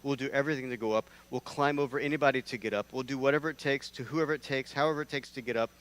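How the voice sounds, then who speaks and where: Conversational preacher, animated. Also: male voice, medium pitch, racing. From North Carolina. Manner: animated, conversational, with repeated restarts. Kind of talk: sermon. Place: church.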